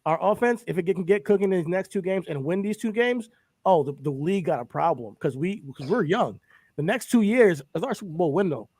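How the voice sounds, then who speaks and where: A man's voice: sits high, animated, brisk, darkish tone, no echo, clean studio sound. A young man co-hosting a podcast, chatting casually about sports and boasting that his team will win, often repeating himself.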